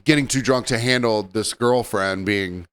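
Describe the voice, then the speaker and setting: A man's voice: lowish voice, moderate pace, clear, resonant tone. A man hosting a casual podcast, telling bar stories and acting out what people said. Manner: animated anecdote-telling, acts out quotes. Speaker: podcast host and bartender. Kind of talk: casual storytelling chat.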